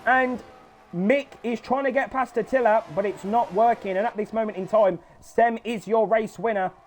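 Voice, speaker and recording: A young man commentating an online racing league, frantic and sweary, shouting when cars crash. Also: high-pitched, moderate pace, slight background noise. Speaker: race commentator. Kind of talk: excitable sim racing commentary.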